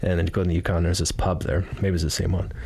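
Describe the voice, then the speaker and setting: A man's voice: low voice, flat delivery, very fast, vocal fry, a little mellow, slightly rough. A man telling a rambling joke in a casual podcast chat, often restarting and laughing. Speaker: podcast host.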